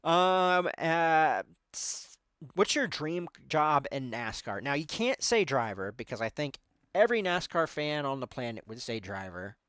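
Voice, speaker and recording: A man's voice: fairly high pitch, lively intonation, measured pace, a bit bright, clean tone, dry recording, clean studio sound. A man in his thirties hosting a podcast in casual chat, rambling with lots of filler words. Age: 30s. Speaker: podcast host.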